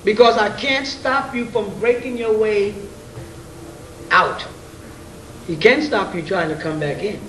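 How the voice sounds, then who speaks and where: A man's voice: sits high, unhurried, pauses often, fairly bright tone. A man giving an informal, slangy lecture to a room of listeners. He jokes, chuckles between points and keeps asking rhetorical questions. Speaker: lecturer addressing an audience. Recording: roomy, distant, faint hiss.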